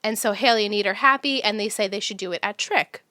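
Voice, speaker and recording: A woman's voice: medium pitch, quick pace, bright, forceful tone, no room sound, studio quality. A woman co-hosting a podcast in casual chat, chatty and laughing often as she reads out her own notes. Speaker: podcast co-host. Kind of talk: casual chat about a TV show.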